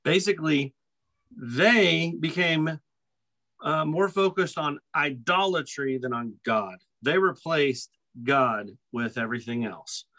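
A man co-hosting a podcast, walking through Bible passages in a relaxed teaching tone. His voice is bright, forceful and fairly high for a man. He hammers key phrases by repeating them. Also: takes it slowly, low-quality recording. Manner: emphatic, repetitive, reads scripture aloud. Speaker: podcast co-host.

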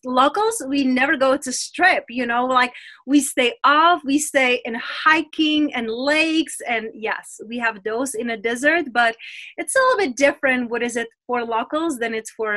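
A young woman with a Czech accent, speaking English as a second language, chats as a guest on an interview podcast. Her voice sits high and sounds bright, and she talks eagerly with quick restarts and repeated words. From Czech Republic. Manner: enthusiastic, talks in a rush with restarts. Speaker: guest, women's transformational coach. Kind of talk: casual chat.

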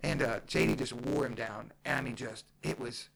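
A man who coaches grappling, chatting casually and telling profane, animated stories. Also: mid-range voice, moderate pace, vocal fry, background noise. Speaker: jiu-jitsu coach. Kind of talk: casual podcast chat.

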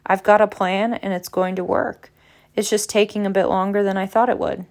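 A woman's voice: mid-range voice, level tone, moderate pace, darkish tone, close to an everyday voice. A woman reading aloud as a sulky, defiant teenage boy who jeers and snaps back. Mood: defiant, angry. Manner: angry, jeering and defiant.

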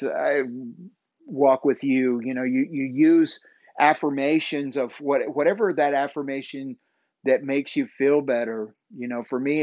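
A man of middle pitch talks through a motivational faith pep talk, earnest and repetitive, stumbling over fillers as he goes. The recording is dry and a little dull, like a low-fi home podcast mic. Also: darkish tone, no echo. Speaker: podcast host.

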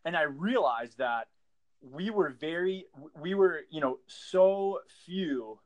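A man's voice: a little high, expressive, takes it slowly. Laid-back American man hosting a chat. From United States. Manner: laid-back, rambling, laughs easily. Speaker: podcast host. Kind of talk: casual chat.

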